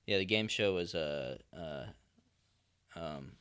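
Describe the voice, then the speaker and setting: A young man with a low, lively voice that swings widely in pitch, chatting and laughing with his co-host. He often trails off softly, and the sound is dry and close to the mic. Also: takes it slowly, clear, resonant tone, dry recording. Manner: laughing, playful, trails off quietly. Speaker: podcast co-host. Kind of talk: casual chat.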